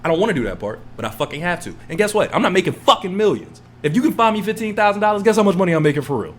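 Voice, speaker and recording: Animated, profane man ranting on a podcast. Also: rapid-fire. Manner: profane, animated, mimics others in low mumbling asides. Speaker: podcast co-host. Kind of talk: heated casual podcast rant.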